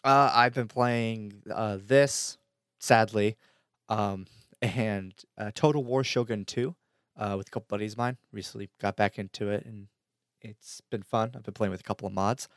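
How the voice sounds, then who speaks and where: Low-voiced young man hosting casually. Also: fairly even intonation, moderate pace, dry recording, studio quality. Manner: laughs easily, reads news with fillers. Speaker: podcast host. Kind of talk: casual chat.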